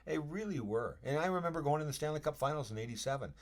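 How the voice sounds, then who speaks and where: Animated former hockey player telling stories. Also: male voice, fairly high pitch, fast. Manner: animated storyteller, trails off and restarts, voice drops when reflective. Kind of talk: casual storytelling interview.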